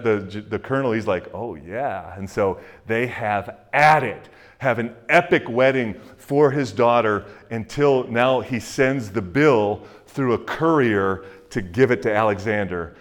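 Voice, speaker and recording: A male pastor giving a conversational sermon with plenty of fillers and acted-out quotes, then dropping to a hushed voice to pray. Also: fairly low pitch, measured pace. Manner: drops to a hushed, soft voice in prayer.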